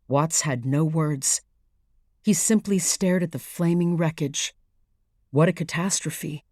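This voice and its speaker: A woman narrating a thriller audiobook in a measured, even storytelling manner, read close to the mic. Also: low-pitched, no room sound. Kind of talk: scripted narration.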